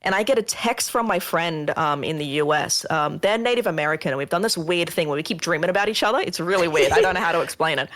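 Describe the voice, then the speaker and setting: A woman telling a ghost story on a casual podcast, animated and swearing often, acting out what people said. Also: lowish voice, fast, hardly any pauses. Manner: animated, swearing, acts out quotes. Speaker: guest.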